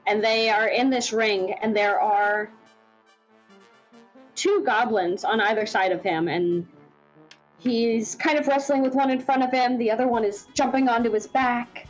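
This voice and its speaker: A woman's voice: on the high side, fairly even intonation, unhurried, soft background music, low-quality recording. Woman game master narrating loosely. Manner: rambling, filler-heavy narration.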